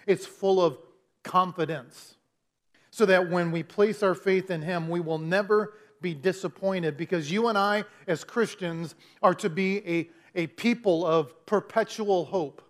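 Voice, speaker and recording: A man with a notably high voice preaches to his church. He talks in an easy, conversational way, often stopping and restarting his sentences as he goes. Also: measured pace. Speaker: pastor. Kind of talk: sermon.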